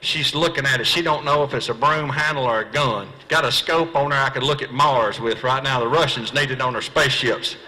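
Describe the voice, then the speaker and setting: In a seminar hall, a Southern pro bass fisherman performs a comedy fishing seminar as stand-up storytelling for a live crowd. Folksy and self-deprecating, he fires off quick punchlines and plays out dialogue in a bright, medium-pitched voice, captured in a low-quality recording.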